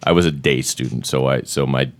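A middle-aged man from Massachusetts hosting a casual podcast chat, joking and playful with quick bursts of excitement. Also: extremely low pitch. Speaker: podcast host.

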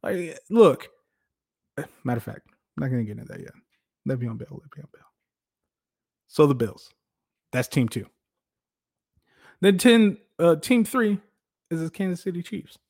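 Animated man hosting casual sports talk. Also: a little high, normal speed, creaky, pauses often. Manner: animated, laughs often, restarts. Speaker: podcast host.

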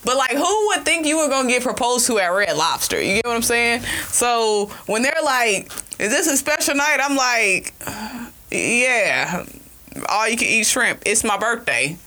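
A woman chatting casually on a podcast, telling a story in an animated way, laughing often and swearing freely. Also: a little high, a little slow. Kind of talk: casual chat.

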